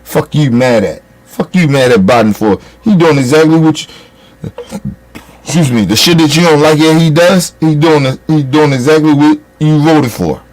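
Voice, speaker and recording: A man's voice: fairly high pitch, normal speed, darkish tone. A man delivering a heated, profane political rant as a commentator, scolding his listeners.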